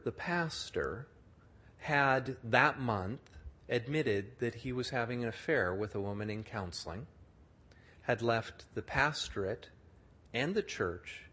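Male preacher, middle-aged, storytelling sermon; expressive pitch, slightly breathy voice. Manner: animated storyteller, acts out the people he describes. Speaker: speaker telling a story to an audience.

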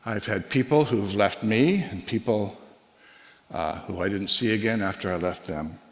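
A middle-aged man preaching a sermon as a pastor, earnest and conversational, with pauses and restarts. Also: fairly low pitch. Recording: long reverb of a hall.

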